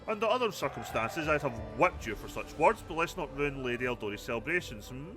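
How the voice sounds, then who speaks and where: Brief: man reading a sneering game baron, haughty and offhand, lively bright voice. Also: mid-range voice, brisk, faint music behind, close to an everyday voice. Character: smug arrogant male baron, noble.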